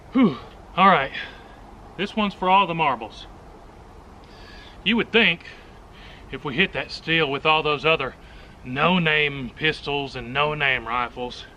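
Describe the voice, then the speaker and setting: A folksy man with a fairly high, bright, forceful voice hosts an outdoor shooting demo. He jokes and talks with easy enthusiasm, recorded on an action camera at a rural range with a faint hiss of open air behind him. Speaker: firearms video host. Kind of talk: casual shooting demonstration.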